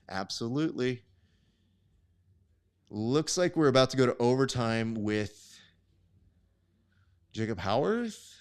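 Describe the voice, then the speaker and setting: A man's voice: medium pitch, animated, slow pace, pauses often, clear, resonant tone. A young man hosting a live stream, giving sport commentary in casual, chatty, profane banter. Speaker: host.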